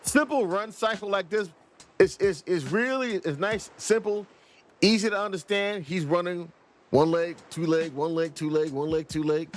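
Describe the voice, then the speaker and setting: A man's voice: high voice, moderate pace. A man casually reviewing an indie game and reading its dialogue aloud in a playful way. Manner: playful, reads game dialogue in silly voices. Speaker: let's play reviewer. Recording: game music playing behind voice.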